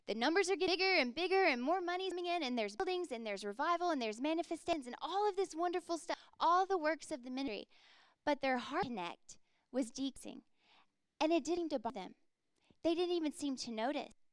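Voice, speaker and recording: A woman's voice: high voice, lively intonation, quick pace, dry recording. A woman in her thirties preaching a sermon as a pastor, earnest and conversational, with frequent casual fillers.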